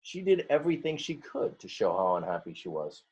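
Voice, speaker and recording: A man's voice: deep voice, big pitch swings, a little fast, a little mellow, husky. A male teacher reading a picture book aloud to his students, stretching words, acting out the story voices and stopping often to explain details to the class.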